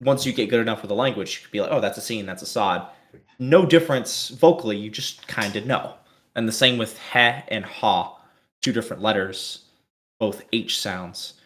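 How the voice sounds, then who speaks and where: A man chatting at a tabletop game, animated and joking, swearing for emphasis. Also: on the low side, normal speed. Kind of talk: casual chat.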